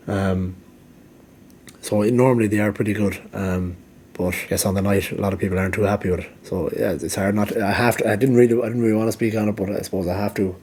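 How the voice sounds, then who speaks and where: A man's voice: fairly low pitch, steady tone, fast, darkish tone, a little hiss or hum. A man giving rambling casual commentary, full of ums and restarts, and he is losing his voice. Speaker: MMA vlogger.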